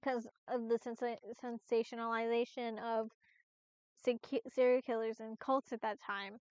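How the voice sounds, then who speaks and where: A woman's voice: on the high side, little pitch movement, moderate pace, a little mellow, smooth, dry recording. A woman streamer chatting casually on a live stream, rambling with lots of restarts and fillers and the odd swear. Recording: dull, lo-fi, dry stream audio.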